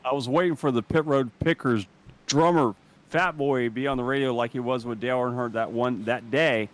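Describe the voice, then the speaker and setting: A man's voice: mid-range voice, brisk. A man calling an online race in a casual, matter-of-fact way, reading out positions and laps. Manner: relaxed, calls positions and laps matter-of-factly. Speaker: race commentator. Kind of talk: casual play-by-play commentary.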